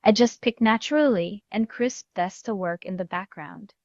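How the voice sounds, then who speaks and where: A woman's voice, processed through AI accent conversion, comes out smooth and neutral at a mid pitch. The audio is dry and slightly dull, like a call line. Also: moderate pace, darkish tone, dry recording. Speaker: call center agent. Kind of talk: scripted product demo.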